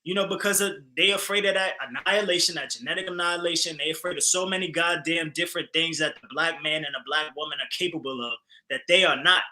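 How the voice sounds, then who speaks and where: Bright, animated man in heated talk. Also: on the high side, fast talker, poor audio. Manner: animated, emphatic, frequent fillers and profanity. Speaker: podcast co-host. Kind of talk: casual heated discussion.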